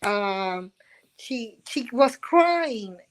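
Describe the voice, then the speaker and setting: A woman's voice: fairly high pitch, extremely slow. An older woman with a Puerto Rican accent, a Spanish speaker chatting casually and telling stories with laughter. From Puerto Rico. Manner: chatty, animated storyteller with frequent laughs. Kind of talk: casual chat.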